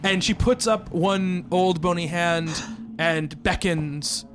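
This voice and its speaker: High-voiced man as game master. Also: takes it slowly, over loud music. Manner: descriptive, playful, breaks into laughs. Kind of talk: narrating a tabletop game.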